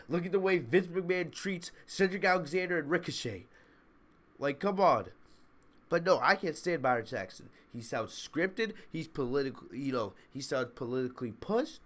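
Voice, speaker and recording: A man's voice: a little high, a bit bright. Blunt ranting man reviewing a show. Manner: blunt, ranting, repeats points. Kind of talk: casual opinionated review.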